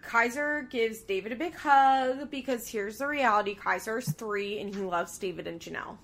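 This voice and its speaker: A woman's voice: fairly high pitch, normal speed, a bit bright. A woman co-hosting a casual chat, animatedly retelling scenes with lots of filler words. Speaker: podcast co-host recapping a reality show.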